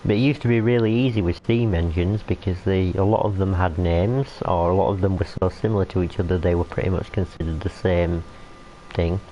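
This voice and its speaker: A man's voice: low-pitched, fairly even intonation, brisk, dark tone. A young man rambling in casual chat while streaming a train game, talking to the characters on screen. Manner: rambling, chatty, talks to the game. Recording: muffled lo-fi, faint hiss.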